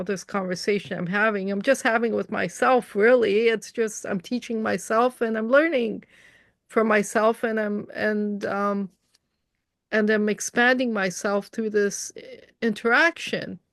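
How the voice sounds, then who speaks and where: A woman's voice: medium pitch, steady tone, measured pace, creaky, fairly bright tone, dry recording, clean studio sound. A woman from Canada in a casual online conversation, earnestly telling stories about her spiritual experiences over a video call. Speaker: interviewer.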